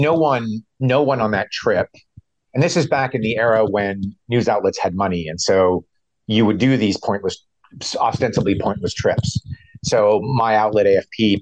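A middle-aged man, a veteran reporter, explaining events in a measured way with frequent restarts. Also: on the low side, a little mellow, dry recording, highs cut off. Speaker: veteran White House reporter. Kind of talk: conversational interview answers.

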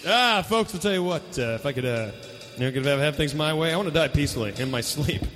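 A man improvising comedy with a high-pitched voice and playful, deadpan stage patter. Faint music sits behind him as he riffs through the bit. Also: fast, big-room sound. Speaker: comedy podcast guest.

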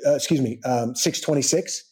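Middle-aged male guest, mid-range voice; animated anecdote, imitates quoted people, lots of restarts. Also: medium pitch, fairly quick. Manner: many fillers and restarts. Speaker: guest actor. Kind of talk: casual anecdote in a podcast interview.

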